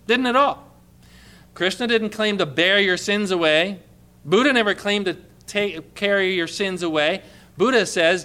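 A man preaching a sermon with passion, dropping to a hushed tone when quoting scripture. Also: high voice.

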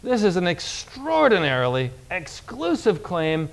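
A man delivers a sermon in a slightly higher-than-average voice. He preaches emphatically, drawing out key phrases and putting questions to his listeners. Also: very animated, vocal fry. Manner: emphatic preaching, slowing on key words and reading scripture aloud; addresses congregation with questions.

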